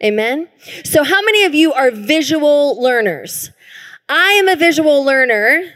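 High-voiced woman preaching in a church. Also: sing-song, measured pace, a bit bright. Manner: earnest, emphatic preaching. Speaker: pastor. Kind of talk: sermon. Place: church hall. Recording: reverberant church hall.

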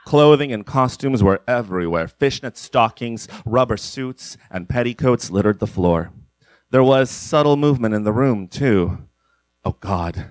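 A man narrating a comic parody story in a deadpan way. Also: mid-range voice, moderate pace, no echo. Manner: deadpan, breaks into laughter.

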